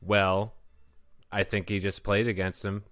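A man on a sports podcast, making his point in halting, restarting bursts. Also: on the low side, level tone, fairly bright tone.

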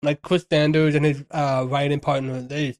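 A man's voice: on the high side, level tone, moderate pace, a little mellow. Rambling man chatting about a film. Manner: rambling, many restarts and fillers. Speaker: podcast co-host. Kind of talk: casual film discussion.

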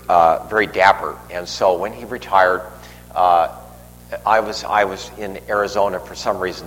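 Long reverb and faint noise surround an older man preaching a homily. His voice is low-pitched and a bit bright, and his personal story meanders with frequent fillers and restarts.

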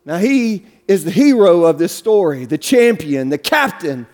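A pastor preaching a sermon in church with fervent, rhythmic, sing-song delivery, urging the congregation on. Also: male voice, sits high, very animated, a little slow, a little mellow.

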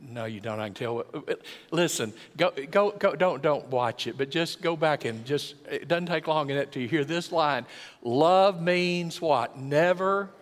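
An older man, preaching a folksy sermon that swells from quiet to loud and acts out voices. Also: mid-range voice, lively intonation, normal speed. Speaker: pastor. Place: church sanctuary. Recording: long church hall reverb.

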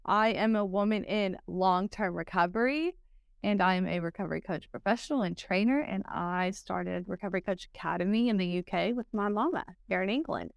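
A woman's voice: mid-range voice, a little fast, vocal fry, no echo, clean studio sound. A woman from Texas with a Texan accent, talking casually as a podcast interview guest. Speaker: guest, recovery coach.

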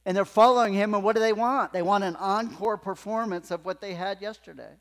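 A male pastor delivers a sermon with emphatic preaching, dropping to a hush and then rising to loud passages. His voice sits somewhat high for a man. The sound carries a long hall reverb from the church sanctuary. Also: a little fast.

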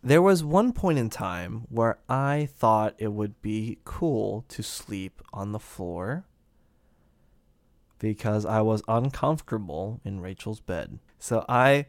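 A man's voice: fairly low pitch, no echo. A man from the United States co-hosting a podcast, telling stories in a rambling, joking way and laughing often. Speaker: podcast co-host. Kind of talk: casual storytelling chat.

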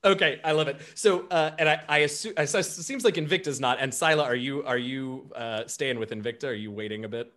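A man's voice: medium pitch, fairly quick, hardly any pauses, fairly bright tone. A man narrating as game master, chatty, with fillers and restarts.

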